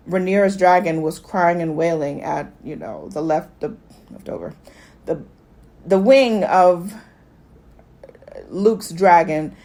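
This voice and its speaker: A chatty woman talks through a TV episode the way she would with a friend, her voice sitting a bit low for a woman. Her talk is loose and lively, full of fillers, and she keeps breaking into quick acted lines from the scenes. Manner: chatty and animated, jumps into quick acted quotes of characters. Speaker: podcast host. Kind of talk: casual TV recap chat.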